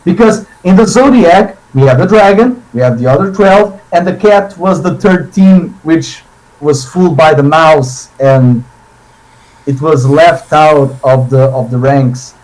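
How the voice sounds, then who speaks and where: High-voiced excitable man, rambling chat. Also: measured pace, poor audio. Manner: excitable, rambling with many restarts and tangents. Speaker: podcast co-host. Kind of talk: casual podcast chat.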